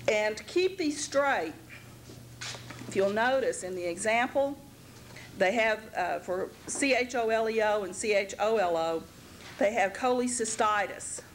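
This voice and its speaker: A woman anatomy instructor giving a recorded lecture, speaking slowly and carefully, spelling out word parts letter by letter, with frequent pauses and throat-clearing. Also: medium pitch, expressive, low-quality recording. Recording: faint background noise, archival lecture tape.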